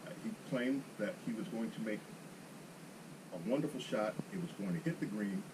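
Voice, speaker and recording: A man's voice: lowish voice, moderate pace, noisy background. A man guesting on a golf chat show, retelling a round with dry, mock-serious humor. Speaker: guest golfer. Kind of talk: casual chat.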